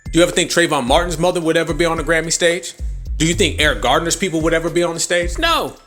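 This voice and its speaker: A man's voice: on the high side, fast talker, a bit bright, soft background music. Angry, profane man hosting a podcast. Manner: angry, profane, mocking, with sarcastic mimicry. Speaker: podcast host. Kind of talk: heated political commentary.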